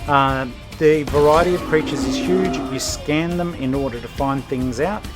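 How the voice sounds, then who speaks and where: A man's voice: on the high side, moderate pace, over music. A man hosting a gaming podcast, giving chatty, rambling let's-play commentary over his gameplay, with self-deprecating asides.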